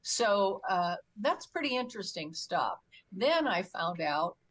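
A woman's voice: lowish voice, low-quality recording. An older woman, a guest on an interview, telling a story vividly and acting out what people said. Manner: animated storyteller who acts out her own quotes. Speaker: guest, UFO experiencer.

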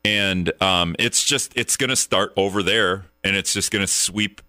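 A man's voice: sits low, a little slow, sharp tone, no room sound, clean studio sound. A male radio talk show host chatting casually, rambling and joking, a little out of breath.

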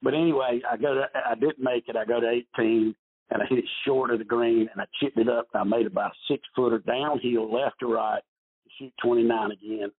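Husky man telling stories over a tinny line. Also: medium pitch, a little fast. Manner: rambling, repeats words, animated storytelling. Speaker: guest, retired golf pro. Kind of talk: casual storytelling interview.

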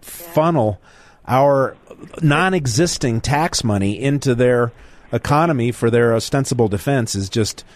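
A man hosting a talk radio call-in show speaks bluntly and indignantly to his callers. His mid-range voice is a little slow, captured on a studio microphone.

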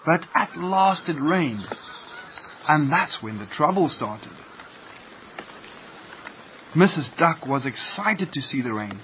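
A man reading a children's story aloud on the radio in a slow, gentle read-aloud manner. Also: a little high, expressive. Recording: muffled lo-fi radio, faint hiss.

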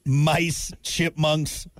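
Man, morning radio co-host, joking banter, slightly high pitch, dry studio mic. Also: dry recording. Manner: joking, playful, reads news items and ads. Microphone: studio microphone.

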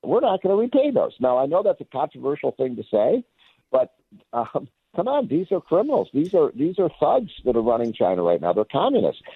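A male commentator talking on the phone, animated and insistent, with many fillers. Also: medium pitch, brisk, husky, no room sound. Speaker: guest commentator. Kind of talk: opinionated phone interview. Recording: tinny phone line.

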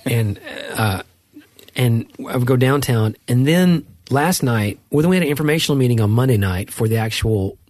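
A man's voice: medium pitch, animated, moderate pace, a little mellow, no echo, clean studio sound. A middle-aged man chatting casually as a podcast co-host, rambling through stories with many restarts. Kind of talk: casual chat.

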